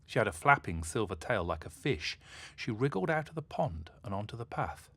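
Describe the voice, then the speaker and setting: A man narrating a children's story in an expressive, animated way. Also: on the low side, normal speed, no echo.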